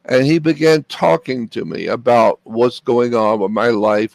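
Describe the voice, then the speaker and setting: Older man from Florida, gravel in the voice, dry close sound, earnest storyteller. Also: medium pitch, measured pace, no echo. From Florida, USA. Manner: earnest, repeats phrases for emphasis. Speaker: interview guest. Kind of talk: personal storytelling.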